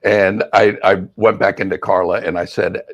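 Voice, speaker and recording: A man's voice: low voice, flat delivery, moderate pace, no echo, dull audio. A man, a mindfulness coach and podcast co-host, telling a rambling story in casual chat. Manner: rambling storyteller, acts out quoted voices, laughs easily.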